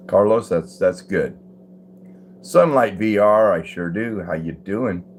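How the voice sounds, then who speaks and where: In a lowish voice, an older man runs a casual live stream from his home, chuckling readily and greeting viewers by name as he reads their comments. A little hiss or hum is audible.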